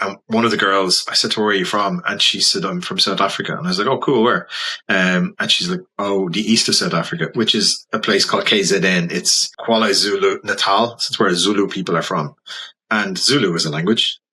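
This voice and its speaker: A man with a Dublin accent, a portrait photographer and podcast guest, telling animated stories in casual conversation. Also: low voice, slightly rough, poor audio. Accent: Dublin Irish. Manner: animated, anecdotal, slips into quoted voices.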